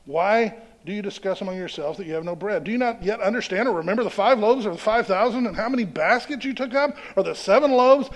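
A man's voice: high-pitched, quick pace, hardly any pauses. A man preaching a sermon, reading scripture aloud and explaining it in a conversational way, often checking in with his listeners. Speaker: pastor.

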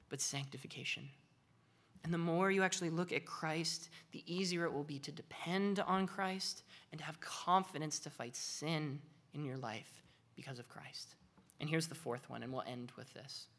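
A woman giving a devotional Bible teaching in an animated, conversational and earnest way. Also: deep voice.

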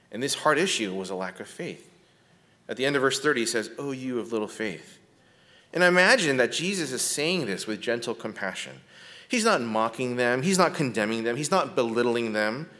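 A man teaching biblical counseling in a conversational lecture, often checking in with his listeners and speaking gently when he talks about compassion. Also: mid-range voice. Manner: often checks in with a tag question "right?"; drops to a soft, gentle tone when describing compassion.

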